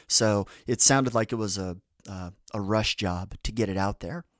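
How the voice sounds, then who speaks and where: A man's voice: lowish voice, moderate pace, a bit bright, no room sound, clean studio sound. A man hosting a podcast in casual chat, rambling through tangents with lots of fillers and restarts. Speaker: podcast host.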